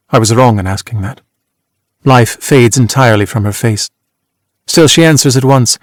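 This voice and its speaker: Measured man reading a novel aloud. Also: medium pitch, dry recording, clean studio sound. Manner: measured, reflective first-person reading. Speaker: audiobook narrator. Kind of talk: scripted narration.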